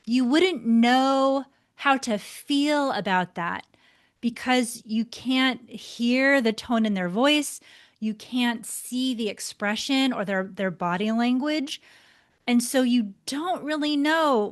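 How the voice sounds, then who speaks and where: A woman teaching a lesson to camera, expressive, shifting her tone and pace for emphasis as she gestures. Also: fairly high pitch. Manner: gestures deliberately while talking. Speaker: body language instructor.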